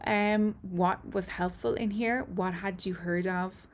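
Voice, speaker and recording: A woman teaching a lesson to camera, explaining points clearly and methodically with frequent ums. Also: mid-range voice, fairly even intonation, slow pace. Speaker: voice and speech teacher.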